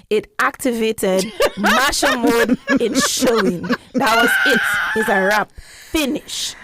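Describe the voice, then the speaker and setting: A woman telling a story in casual podcast chat, animated and acting out the quotes she tells. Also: measured pace, vocal fry. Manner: animated, acts out quotes with big pitch jumps.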